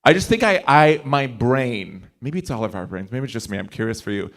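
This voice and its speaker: A man's voice: mid-range voice, big pitch swings. A male comedian on a conference stage doing stand-up crowd work, chatty and rambling, eagerly coaxing the audience to play along. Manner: chatty, rambling, quick restarts and asides.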